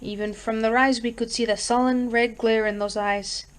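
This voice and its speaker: A woman's voice: fairly high pitch, flat delivery, moderate pace, smooth. A woman reading a horror short story aloud, narrating steadily and expressively. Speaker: reader.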